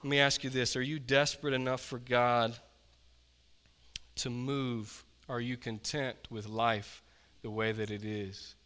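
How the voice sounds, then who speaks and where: Male pastor, sermon delivery, bright tone, impassioned with loud-to-quiet swings. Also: mid-range voice, little pitch movement, a little slow, clean tone, big-room sound. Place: church.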